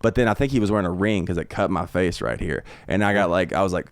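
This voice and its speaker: A man's voice: deep voice, fast talker, creaky, clean tone, no room sound. A man, a guest comedian, telling a rambling, profane story full of restarts on a podcast recorded in a home studio.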